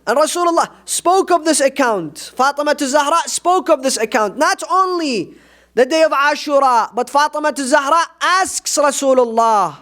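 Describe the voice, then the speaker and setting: Male preacher, very high voice, fervent sermon delivery, presses the hall with rhetorical questions. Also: lively intonation, normal speed, a bit bright. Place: mosque.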